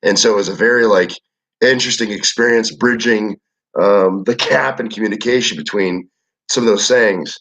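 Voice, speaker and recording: A young man from Michigan, hosting a casual livestream and reading the chat. He talks in a rambling, relaxed way, with lots of filler words and swearing. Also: on the low side, normal speed. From Michigan, USA. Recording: dull lo-fi audio.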